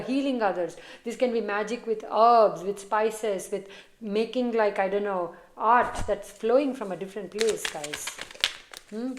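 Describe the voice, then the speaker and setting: A chatty woman reads tarot for her viewers in an encouraging, easygoing way, and now and then her voice sinks to a soft murmur. Her voice sits at a middling pitch. It is recorded on a phone in a noticeably echoey room. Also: noisy background. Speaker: tarot reader. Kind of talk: casual tarot reading to camera. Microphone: phone camera.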